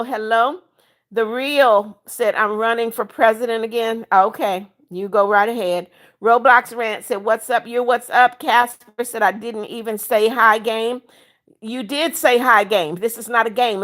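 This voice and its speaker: A woman's voice: fairly high pitch, a bit bright. A woman hosting a casual livestream, reading her viewers' comments aloud and answering each by name. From United States. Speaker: livestream host.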